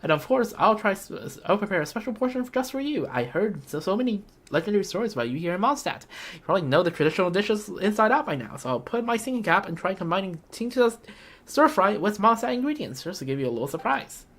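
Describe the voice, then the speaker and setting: A woman voicing a cheerful, earnest young girl traveler in a game, speaking brightly. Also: mid-range voice, sing-song, quick pace. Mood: chatty. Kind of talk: game character voice line.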